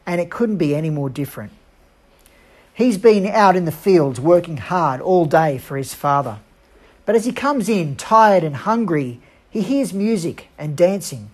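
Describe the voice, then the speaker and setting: A woman preaching a sermon, earnest and emphatic, leaning on slow dramatic pauses. Her voice sits low and has a husky grain to it. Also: lively intonation, darkish tone.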